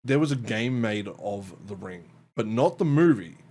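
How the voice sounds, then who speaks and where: A man's voice: lowish voice, lively intonation, measured pace, a little mellow. Swearing guy chatting. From Australia. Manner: swearing, laughing, tangents. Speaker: podcast host. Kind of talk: casual chat.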